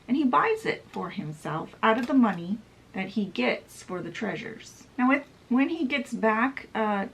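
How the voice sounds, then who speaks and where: A woman's voice: mid-range voice, creaky, a little hiss or hum, poor audio. A woman casually summarizing a fantasy novel in a chatty way, often saying "he's like". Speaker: book reviewer.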